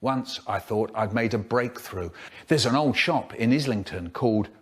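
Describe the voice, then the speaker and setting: A man, a children's poet telling stories and giving writing tips in an expressive storyteller's manner. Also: moderate pace, slight background noise. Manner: animated, expressive storyteller with big swoops in pitch. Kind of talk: storytelling talk, chopped into a comedy remix.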